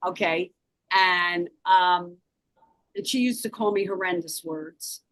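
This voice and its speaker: A woman's voice: on the low side, dry recording, low-quality recording. Intense Philadelphia woman telling her story. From South Philadelphia. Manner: emphatic, intense personal storytelling. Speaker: guest author. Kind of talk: interview storytelling.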